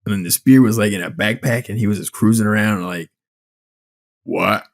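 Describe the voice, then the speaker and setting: A man's voice: fairly low pitch, quick pace. A man co-hosting a podcast, ranting about a movie in casual chat, swearing often and telling it with incredulous energy. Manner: animated, swearing, incredulous storytelling. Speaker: podcast co-host.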